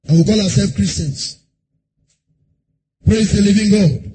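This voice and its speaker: A male pastor giving a sermon in a church service, chanting lines in a sing-song way, breaking into shouts and firing rhetorical questions at the congregation. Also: sits high, unhurried, husky. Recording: noisy live sermon recording.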